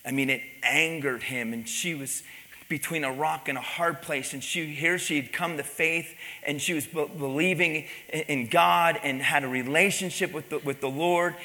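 A pastor telling a story in a sermon, animated, repeating words and dropping to quiet, intense tones. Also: male voice, a little high. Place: church sanctuary. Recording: long reverb in a large hall.

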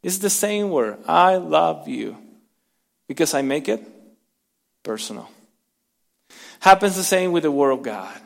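High-voiced preaching pastor in a reverberant hall. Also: male voice, big pitch swings, moderate pace, pauses often. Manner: dynamic preaching, drops to soft near-whispers for emphasis; calls for congregation to repeat words. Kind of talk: sermon.

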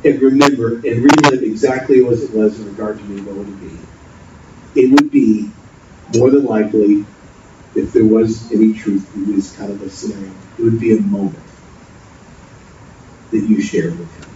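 A man's voice: on the low side, fairly even intonation, moderate pace, dark tone. A man preaching a sermon, earnest and storytelling, often repeating himself. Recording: distant, dull, noisy echoey hall.

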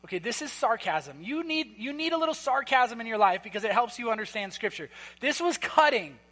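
A man preaching a sermon in a church hall, conversational and emphatic, with quick asides. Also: very high-pitched, lively intonation, a bit bright. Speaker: pastor.

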